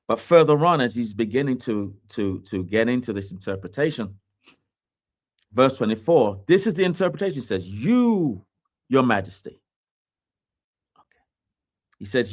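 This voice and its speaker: A man of medium pitch delivers a podcast sermon, pressing hard on key words and repeating them slowly for weight. His manner is emphatic and deliberate. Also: expressive. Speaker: podcast host and preacher. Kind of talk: sermon-style teaching.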